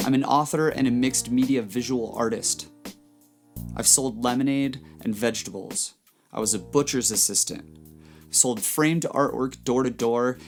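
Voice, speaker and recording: Male podcast host, calm reflective narrator, mid-range voice, light music bed. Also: mid-range voice. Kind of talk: scripted narration.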